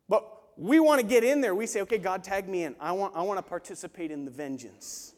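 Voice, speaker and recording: A man with a high voice preaching a sermon in a church sanctuary. He is animated and slips into the voices of the people he quotes. His voice rings out with a long hall reverb behind it. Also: a little fast, hardly any pauses. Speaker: pastor.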